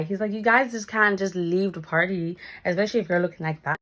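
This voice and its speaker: Animated woman telling a story. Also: brisk, few pauses. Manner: animated, acts out quotes with big pitch jumps. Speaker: vlogger. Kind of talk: casual storytime chat.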